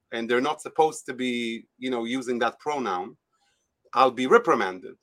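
A man's voice: mid-range voice, pushed and bright. A man speaking as a guest in an interview, emotional and pleading, often restarting his sentences. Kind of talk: impassioned interview talk.

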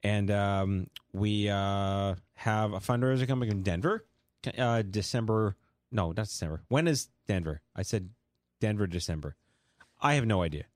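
A man's voice: lowish voice, normal speed, no room sound, clean studio sound. A man with a New York accent hosting a casual talk show, rambling and correcting himself as he goes. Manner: rambling, self-correcting, playful. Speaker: podcast host.

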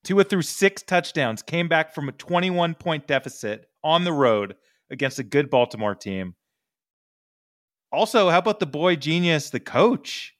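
A man co-hosting a casual sports podcast, excitable and profane, talking in quick bursts. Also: a little high, dry recording, clean studio sound. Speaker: podcast co-host.

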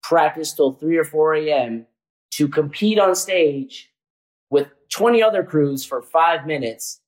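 A man in his twenties, a guest chatting casually in a relaxed, slangy way with lots of filler words. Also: on the high side, a little slow, rough recording. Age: 20s. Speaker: guest, comedian and dancer. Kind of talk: casual chat.

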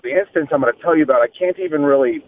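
A radio host from the Washington area in casual interview chat, relaxed and joking, heard over a phone line. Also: male voice, a little high, very fast, no echo.

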